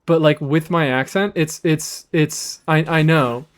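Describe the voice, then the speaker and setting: A man's voice: a little high, measured pace. Brief: male streamer with a slightly raised voice, casual chat, curses a lot. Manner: animated, rambling, swears freely, reads chat aloud. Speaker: game streamer.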